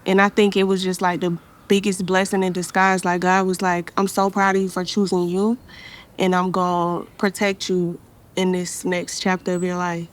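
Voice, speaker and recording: A young woman, chatting casually as an interview guest, relaxed and slangy, laughing often. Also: lowish voice, moderate pace. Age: young adult.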